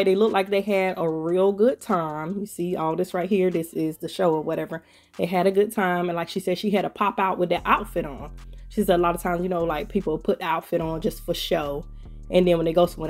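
A woman's voice: lowish voice, darkish tone. A woman giving casual commentary in a chatty way, full of filler phrases. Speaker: commentary vlogger.

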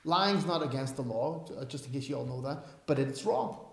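A man's voice: medium pitch, fairly quick. A man preaching a sermon, emphatic and given to self-aware asides. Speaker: pastor. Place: church. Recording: roomy church echo.

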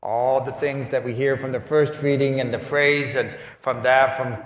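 Priest preaching, acts out little voices, big roomy church echo. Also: male voice, mid-range voice, normal speed. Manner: animated, acts out voices and asides. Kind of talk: homily. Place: large church.

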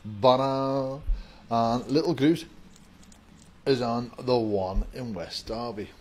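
A man's voice: medium pitch, slow pace, slightly rough. A man chatting casually to camera from inside his shop, upbeat and rambling. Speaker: vape shop worker greeting viewers. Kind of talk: casual vlog chat to camera. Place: inside a shop with the door open. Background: faint music in the shop.

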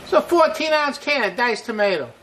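A man's voice: very high voice, lively intonation, brisk, noisy background. A middle-aged man hosting a cooking show as a chef, chatty and upbeat, walking through a recipe step by step with frequent exclamations. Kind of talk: casual cooking demonstration.

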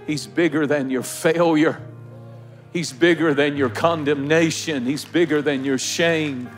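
Emotional pastor preaching with soft music. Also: male voice, a little high. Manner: repetitive preaching cadence, building emphasis. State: emotional, near tears. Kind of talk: sermon. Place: large church auditorium, live congregation. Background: faint music.

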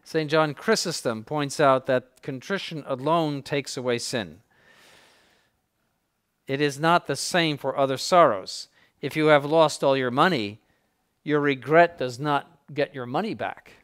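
A man's voice: a little high, measured pace, fairly bright tone, smooth. A man, a bishop teaching clergy, gives an informal lecture and takes questions, talking conversationally and acting out examples and quotes. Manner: earnest, emphatic teaching.

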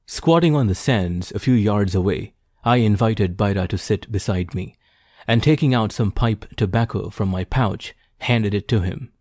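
A man narrating an audiobook in a measured, formal storytelling manner. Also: fairly low pitch, a little mellow, dry recording, studio quality. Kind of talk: scripted narration.

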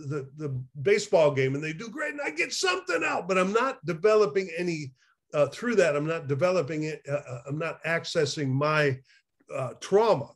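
A man speaking as a recovery therapist in an interview, animated and chuckling as he talks, with hesitant restarts. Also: a little high. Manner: animated, acts out quotes, chuckles often. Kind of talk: conversational interview.

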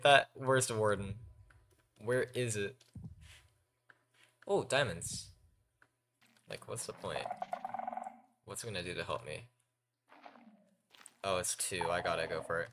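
A man's voice: fairly low pitch, slow pace, long pauses, pushed and bright. A young man commentating his own game, talking to himself and his viewers and yelping when startled. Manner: jumpy, talks to himself and viewers, yelps when scared. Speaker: gaming YouTuber. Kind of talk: Minecraft let's play commentary.

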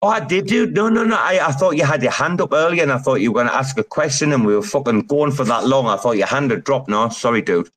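A man's voice: medium pitch, expressive, fast, hardly any pauses, fairly bright tone, rough recording. A man hosting a casual late-night chat, rambling and swearing a lot. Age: 40s. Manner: crude, rambling, profane. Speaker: host. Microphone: phone.

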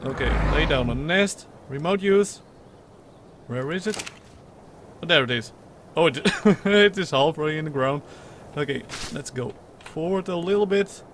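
A young man hosting a let's play, talking excitedly over his gameplay with strings of repeated words, bursts of laughter, and playful lines as the mother creature he controls. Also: a little high, measured pace, long pauses, noisy background. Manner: playfully role-plays as the mother creature in the game. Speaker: gaming channel host.

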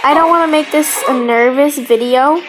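A woman's voice: sits high, normal speed, over music, poor audio. A woman casually commenting over her gameplay as a YouTuber, chatty and rambling, giggling between remarks. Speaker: gaming YouTuber. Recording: steady background noise.

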